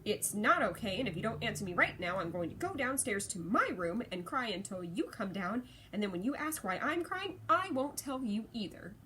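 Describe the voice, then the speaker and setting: A woman's voice: medium pitch, sing-song, normal speed, few pauses, a bit bright, a little hiss or hum. A woman doing a fussy, tender old granny. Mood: pleading. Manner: prim, scolding then tender. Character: fussy, loving elderly great-aunt.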